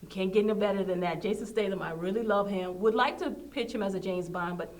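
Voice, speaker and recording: A woman's voice: medium pitch, fairly quick, a little mellow. A woman hosting a casual pop culture chat show, talking in a chatty, enthusiastic way and laughing often. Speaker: host.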